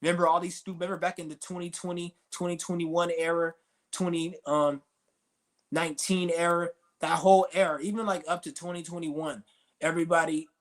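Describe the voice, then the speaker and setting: Man, ranting monologue, swearing constantly, confrontational, voice a bit on the high side. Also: little pitch movement, brisk. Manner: profane, confrontational, insulting. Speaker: streamer.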